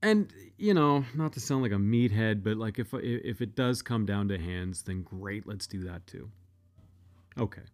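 A man's voice: on the low side, steady tone, normal speed, darkish tone. A man telling a personal story in a casual, blunt, profane way, often restarting his sentences.

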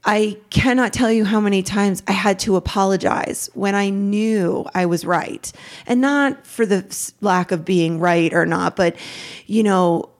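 A woman in her forties, a podcast guest, talking candidly and haltingly about painful memories, with nervous laughs to lighten things. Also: mid-range voice. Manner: halting, emotional, self-deprecating, laughs through hard moments. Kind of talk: candid personal interview.

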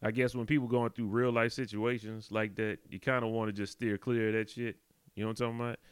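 A man's voice: fairly low pitch, level tone, fast, clean tone, no room sound. A man co-hosting a podcast, chatting casually and laid-back, often checking in with his partner. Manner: laid-back, conversational, often asks "you know what I'm talking about". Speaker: podcast co-host.

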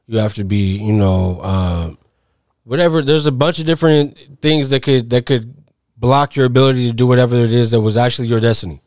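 A man's voice: medium pitch, a little fast, darkish tone, no echo, studio quality. A man co-hosting a casual podcast, talking reflectively with plenty of swearing. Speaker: podcast co-host.

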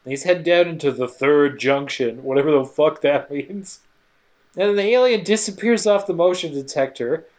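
Man, high pitch, loose crude podcast banter, quick asides. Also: a little mellow. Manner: jokey, crude, acts out characters in quick asides. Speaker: podcast co-host recapping a film. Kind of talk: casual comedic chat.

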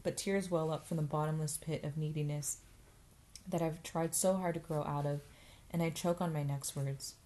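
A woman narrating a first-person novel as an audiobook, in a steady, even reading voice. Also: low voice, normal speed.

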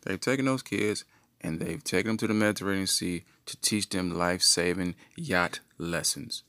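Man, podcast host, comedic rambling, low voice, animated, dry close sound. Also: moderate pace, no room sound. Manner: rambling, playful riffing.

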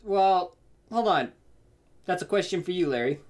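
A man as game master, narrating a tabletop game in a relaxed, amused way. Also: high voice, normal speed.

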